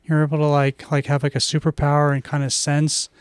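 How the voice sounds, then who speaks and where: A man's voice: a little high, monotone, a little fast, clear, resonant tone, no echo, studio quality. A man co-hosting a casual podcast, asking curious, thoughtful questions.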